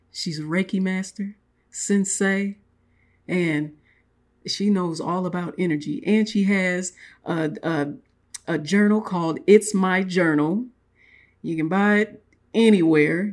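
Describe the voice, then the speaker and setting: A woman giving a spiritual motivational talk, reflective, often repeating and restating her words. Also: on the low side. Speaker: spiritual speaker.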